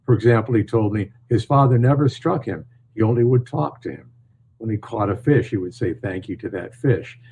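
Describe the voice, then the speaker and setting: An older man from northern New York, a storyteller answering interview questions in a calm, measured way. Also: on the low side, gravelly, slight background noise, rough recording. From northern New York, USA. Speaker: storyteller and author, guest. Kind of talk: podcast interview.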